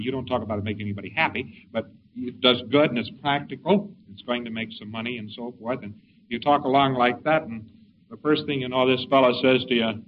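A man's voice: mid-range voice, brisk. A man giving an informal lecture in a folksy, rambling way with wry asides. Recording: dull lo-fi recording with faint hiss.

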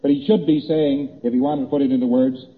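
This mid-range male voice holds a steady tone and moves fairly quickly, with slight background noise. He gives a conversational lecture, working through graphs on a board, repeating points and acting out little exchanges, recorded on tinny old tape in a reverberant hall.

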